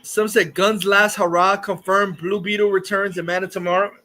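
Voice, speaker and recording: A man hosting a casual commentary stream, reading chat and ranting in a heated, profane way with many filler pauses. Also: high-pitched, little pitch movement, sharp tone.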